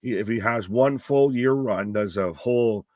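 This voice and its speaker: A man's voice: medium pitch, moderate pace, a little mellow, no room sound. A young man co-hosting a wrestling stream, giving opinionated, rambling takes and swearing casually. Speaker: co-host.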